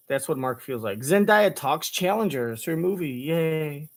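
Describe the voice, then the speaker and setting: A man's voice: on the high side, animated, a little slow, vocal fry, few pauses. A man doing reaction commentary, crude and sarcastic with constant swearing.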